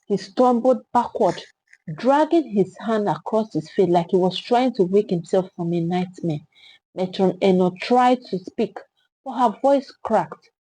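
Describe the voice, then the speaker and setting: A woman's voice: medium pitch, a little slow, mellow, breathy edge, no room sound, rough recording. A woman narrating a dramatic story with emphatic delivery.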